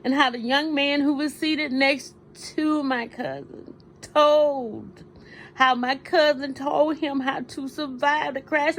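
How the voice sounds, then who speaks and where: A woman's voice: high voice, fairly even intonation, measured pace, a bit bright, slight background noise, rough recording. A tired woman in a personal vlog rant, outspoken, heated and profane, talking in her kitchen late at night. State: tired and sleepy. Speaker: vlogger.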